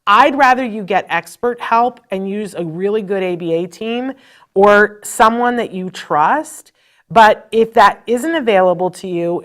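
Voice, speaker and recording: A woman's voice: medium pitch, fairly bright tone. A middle-aged woman hosting a live parenting advice show, telling stories with animation and speaking straight to her viewers. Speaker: host.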